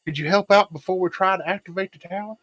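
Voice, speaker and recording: A man voicing an eager team leader who briefs a crew on a survey site, raised and brisk. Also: sits high, fairly bright tone, dry recording, pitched above the performer's own voice. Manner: eager, briefing with a list of sites. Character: friendly man leading an alien survey team.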